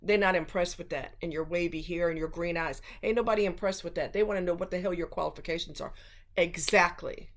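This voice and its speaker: A woman's voice: fairly low pitch, steady tone, a little fast. A woman vlogger giving blunt relationship advice in a casual, emphatic monologue.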